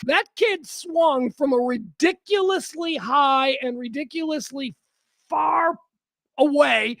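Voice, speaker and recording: A man's voice: extremely high pitch, slow, gravelly, a bit bright. A man hosts a live show and talks through viral clips in a loose, enthusiastic way. He laughs easily and keeps the chat going. The sound is dry and close, with no room echo. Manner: chatty, enthusiastic, laughs often. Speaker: livestream host. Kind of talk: casual commentary on videos.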